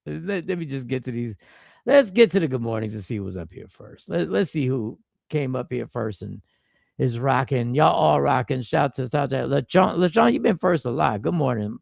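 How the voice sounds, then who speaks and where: With a medium-pitched, gravelly voice that's darkish in tone, he speaks at a normal pace with lively intonation. The studio-quality audio has no room sound as he hosts a relaxed live stream with a cold-stuffed nose, riffing, repeating things, and calling out viewers by name.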